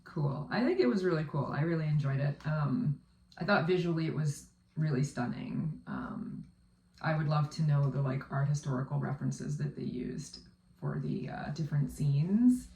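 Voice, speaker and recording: A woman's voice: low-pitched, animated, normal speed, dark tone. A woman in her thirties, a vocal coach, chatting casually as she reacts to a music video, with lots of ums and likes. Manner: chatty, filler-heavy with frequent um and like. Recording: roomy echo, off-mic distance.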